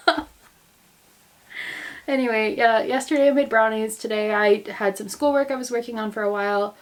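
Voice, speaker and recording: A woman's voice: a little high, fairly even intonation, moderate pace, long pauses. A young American woman in her twenties chatting casually to camera at home, rambling and goofy, joking about herself. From United States. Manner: rambling, goofy, self-mocking. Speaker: vlogger, grad student. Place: indoors at home in quarantine.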